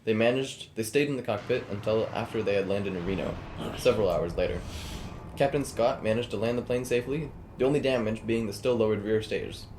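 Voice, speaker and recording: Podcast co-host, male, brisk script reading, storyteller cadence. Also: fairly low pitch, a little hiss or hum. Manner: quick, reads script in steady storytelling cadence. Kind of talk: casual podcast chat and read narration.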